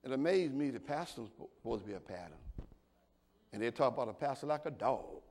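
A man preaching a sermon, calling out to the congregation and building to shouts. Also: medium pitch, expressive, brisk. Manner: call-and-response preaching, rising to shouts. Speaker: pastor.

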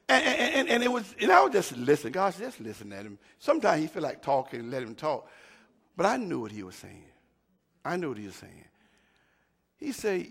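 High-voiced preacher guy, gravelly, swings way up and down, yells back and forth with the church. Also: huge pitch swings, brisk. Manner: call-and-response, rising to shouts; repeats words and restarts often. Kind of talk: sermon.

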